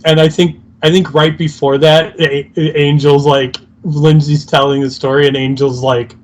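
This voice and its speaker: A man's voice: fairly high pitch, level tone, normal speed. A man co-hosting a podcast, chiming in on an episode recap and laughing. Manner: laughing, chiming in with mock quotes. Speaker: podcast co-host. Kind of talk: casual recap chat.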